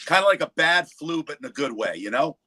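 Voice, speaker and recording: A man with a husky voice on the high side speaks briskly, his audio low quality. He's a livestream panelist at home on the East Coast, telling stories in casual chat, acting out quotes with lots of energy and swearing freely.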